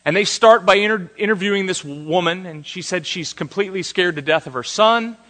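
A male preacher delivering a sermon as an animated storyteller who acts out the quotes. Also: sits high, a little fast, long reverb tail.

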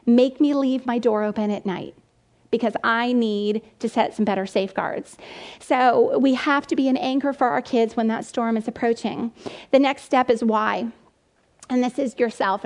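A woman's voice: a little high, darkish tone. A woman in her forties giving an earnest, emotional faith talk full of personal parenting stories.

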